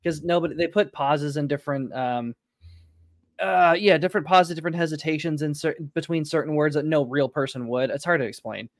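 A man's voice: on the high side, brisk, dry recording, clean studio sound. A man co-hosting a casual podcast, talking in a rambling, hesitant way. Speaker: podcast host. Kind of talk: casual chat.

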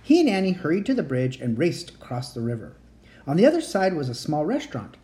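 A home reader reading a children's book aloud, expressive, with occasional slips. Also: mid-range voice, a little fast. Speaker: story reader.

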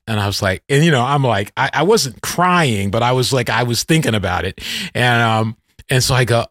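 This middle-aged podcast host has a medium-pitched, slightly bright voice and speaks fairly quickly and with animation. He tells a personal story reflectively and conversationally, correcting himself, and then interviews a guest, all in a dry, studio-quality recording.

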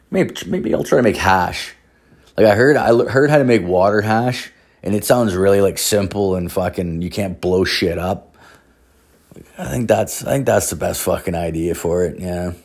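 This podcast host, a man in his thirties, speaks low and at a moderate pace. He wanders through a profane, filler-heavy story in a casual storytelling monologue.

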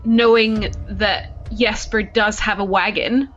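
A woman's voice: mid-range voice, steady tone, fairly bright tone, slight background noise. A woman playing a tabletop game, hesitantly working out what her character would do. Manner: hesitant, halting. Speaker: player. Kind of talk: describing her character's choices. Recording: slightly dull recording.

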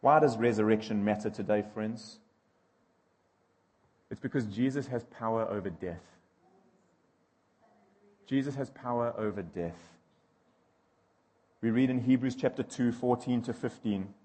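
A man's voice: medium pitch, measured pace, pauses often, a little mellow, big-room sound. A male preacher delivering a sermon, emphatic and repeating key phrases as he builds intensity.

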